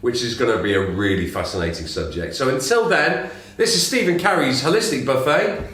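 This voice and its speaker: A man's voice: mid-range voice, animated, fairly quick, a bit bright. A man co-hosting a podcast, chatting casually and telling a joke in a playful storytelling manner. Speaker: podcast co-host. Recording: echoey room.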